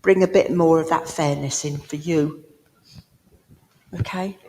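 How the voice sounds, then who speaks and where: A woman's voice: sits low, fairly even intonation, a little slow, a little mellow. A woman giving a spiritualist mediumship reading in a village hall, chatty and down-to-earth, talking directly to a listener. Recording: long hall reverb.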